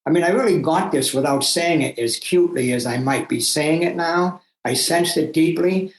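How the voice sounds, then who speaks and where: An older man from Massachusetts, a guest telling his own story in an animated, emphatic way with asides to himself. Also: on the high side, normal speed. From Massachusetts, USA. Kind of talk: personal storytelling. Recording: roomy echo.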